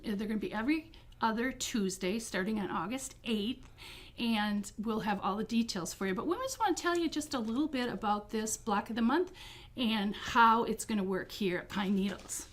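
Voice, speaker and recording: A middle-aged woman co-hosting a quilt shop video, chatting enthusiastically about fabrics with frequent ums. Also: mid-range voice. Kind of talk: casual product presentation.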